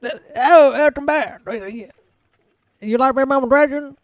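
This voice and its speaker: A leering old bathhouse keeper, played by a man. His voice jumps high and loud above the performer's own, with a close, dry sound. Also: steady tone, unhurried, dry recording.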